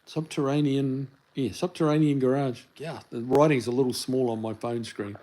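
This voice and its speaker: Kiwi man hosting a casual phone live stream, soft and dark in tone, easygoing and meandering. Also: mid-range voice, steady tone, moderate pace, poor audio. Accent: New Zealand. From New Zealand. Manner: rambling, reads viewer comments aloud. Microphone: phone held in hand.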